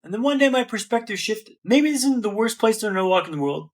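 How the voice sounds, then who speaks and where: A man with a notably high voice tells his story as a podcast guest. He builds each scene in rhythmic repeated phrases and keeps calling the host "man". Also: animated, quick pace. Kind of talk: dramatic storytelling in an interview.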